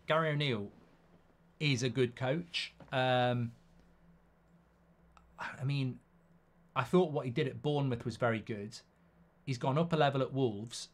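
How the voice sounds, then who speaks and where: A man's voice: medium pitch, measured pace, pauses often. A man hosting a live football watchalong, reading viewer comments aloud and giving blunt, chatty opinions.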